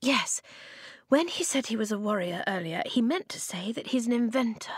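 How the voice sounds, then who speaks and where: An earnest young girl with a rough, gravelly voice pleads her case, shaky but brave, in a storybook reading, as a woman narrator puts her on. Her lines ride noticeably higher than the narration around them. The sound is close and dry, with no room around it. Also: expressive, moderate pace, dry recording.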